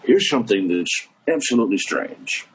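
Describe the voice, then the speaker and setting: A man doing an impression of an older late-night talk show host, dry, low and deliberate. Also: big pitch swings, breathy edge, exaggerated voice, poor audio.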